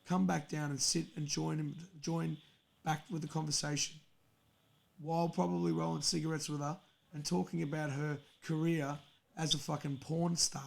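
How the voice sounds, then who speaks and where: Young man, podcast host, heated profane rant, raised pitch, gravelly fry. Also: level tone, moderate pace. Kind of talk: angry casual rant on a stream.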